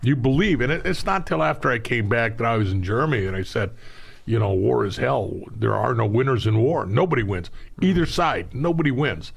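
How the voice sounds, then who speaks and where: A man's voice: medium pitch, fairly quick, creaky, husky. An older man, a veteran guest, telling war stories in a casual talk and acting out the voices of people he quotes. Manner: animated storyteller, acts out the voices of people he quotes. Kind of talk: casual storytelling on a talk show.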